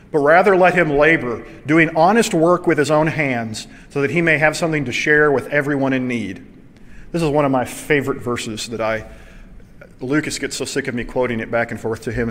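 A man preaching a sermon in a conversational, animated way, asking the congregation rhetorical questions. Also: mid-range voice. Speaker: pastor. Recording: long hall reverb.

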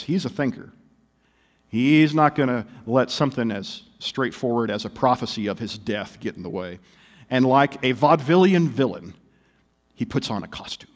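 A man's voice: fairly high pitch, long reverb tail. A male pastor preaching a sermon, telling stories animatedly with wry humor.

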